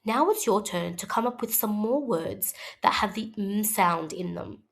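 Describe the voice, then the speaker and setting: A woman with an expressive, mid-range voice leads young children through a scripted phonics lesson. Slowly and clearly, she demonstrates sounds for the kids to say back.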